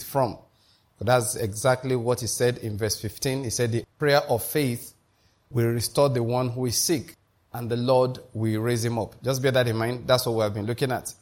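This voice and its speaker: A man delivering a sermon in a mid-range voice. He preaches emphatically, climbing higher and louder on his key points, and keeps asking the congregation to follow along and repeat after him. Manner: emphatic preaching, rising in pitch and volume to drive points home; asks the congregation to repeat and confirm. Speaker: pastor.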